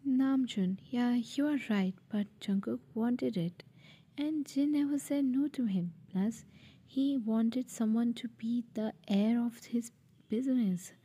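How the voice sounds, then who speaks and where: Lady doing a gentle middle-aged mafia dad, reassuring, fan audio drama, breathy. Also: on the high side, slow. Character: calm kindly middle-aged mafia father.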